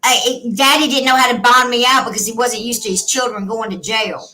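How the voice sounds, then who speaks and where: Blunt, animated woman storyteller. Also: fairly high pitch, fairly quick, low-quality recording. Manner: blunt, swears freely, emotional and animated. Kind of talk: casual storytelling chat.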